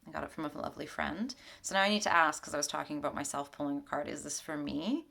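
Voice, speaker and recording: A woman with a low voice and a gravelly creak talks through a weekly tarot reading at her home altar. She keeps it gentle and chatty, breaking into easy laughter. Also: fast. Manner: gentle, conversational, laughs often. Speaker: spiritual mentor.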